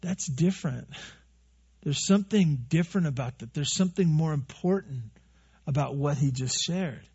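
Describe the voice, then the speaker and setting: A man preaching a sermon to a congregation in a relaxed, joking way, full of rhetorical questions. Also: fairly high pitch, moderate pace, breathy edge. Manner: conversational, joking, asks many rhetorical questions. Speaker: pastor. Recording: dull lo-fi recording.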